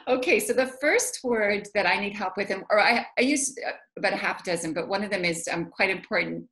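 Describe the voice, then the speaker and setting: A woman author talks through a video call with a chatty, self-mocking manner and many small hesitations. Her voice sits at an ordinary middle pitch. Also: fairly quick, a bit bright. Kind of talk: casual video call chat.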